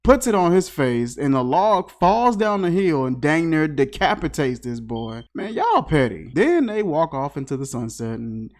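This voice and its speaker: A man's voice: on the high side, very animated, normal speed, hardly any pauses, darkish tone. A man giving a casual, comedic movie review, riffing with incredulous, slangy asides. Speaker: film reviewer.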